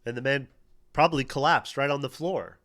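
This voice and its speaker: A man's voice: medium pitch, brisk, a bit bright. A man streaming casual commentary, joking crudely and spinning comic stories. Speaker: streamer, podcast host.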